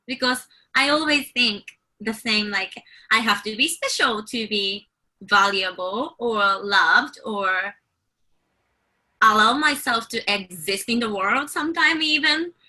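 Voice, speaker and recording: A reflective woman speaks on a video call with a very bright, sharp tone. Her voice sits somewhat high for a woman. She sounds emotional and thoughtful. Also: slow, low-quality recording. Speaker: panelist. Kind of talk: casual panel chat.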